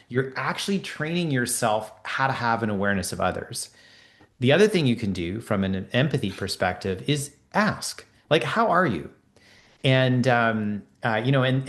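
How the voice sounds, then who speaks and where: A middle-aged man, a leadership coach, explaining ideas in a podcast interview and acting out quoted conversations in lively voices. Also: mid-range voice.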